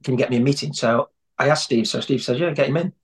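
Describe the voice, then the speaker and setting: A man with a mid-range voice talks fast as an interview guest, telling long anecdotes in a rambling, conversational way with many restarts.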